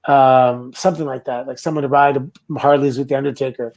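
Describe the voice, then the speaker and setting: A middle-aged man from Canada, a former wrestler, telling stories in a relaxed, casual interview. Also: mid-range voice, fairly quick, creaky. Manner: relaxed anecdotal storytelling with laughs and quoted voices. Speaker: guest, former pro wrestler.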